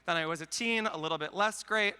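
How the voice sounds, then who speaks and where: A man with a high, very bright and crisp voice gives a joking, self-deprecating talk on stage. He speaks into a handheld mic, and the sound carries a long hall reverb. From Canada. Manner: wry, self-deprecating, quick jokes. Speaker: conference speaker. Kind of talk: comedic keynote talk. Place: large conference hall.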